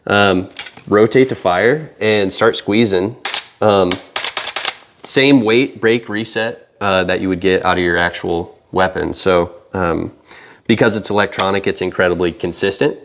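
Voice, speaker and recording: A man from the company demonstrating a training kit, explaining in a relaxed way while handling it. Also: deep voice, unhurried, slight background noise. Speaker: company representative. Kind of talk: product demonstration.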